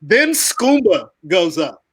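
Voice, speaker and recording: A man from the United States hosting a casual video call chat, telling animated stories with swearing and frequent laughs. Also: high-pitched, slow pace, husky, no room sound, low-quality recording. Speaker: host.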